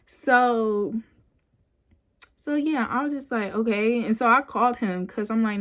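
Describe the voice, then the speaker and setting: A woman's voice: a little high, measured pace. A woman in her twenties telling a personal story in a casual, rambling way, full of "like" and "you know", recorded on a phone camera at home. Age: 20s. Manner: animated when quoting herself. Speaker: vlogger.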